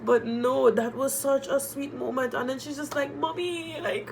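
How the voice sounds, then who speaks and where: A woman reviewing a reality TV episode in casual chat, animated and emotional, repeating phrases and using slang. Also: high voice, normal speed, creaky, crowd noise, low-quality recording. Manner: moved and emotional while talking.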